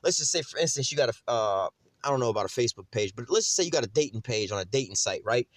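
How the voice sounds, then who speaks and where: A man's voice: mid-range voice, lively intonation, rapid-fire, dry recording. A man giving casual, rambling commentary on scripture, blunt and full of slang, often saying "whatever, whatnot" and "you see what I'm saying". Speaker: religious teacher.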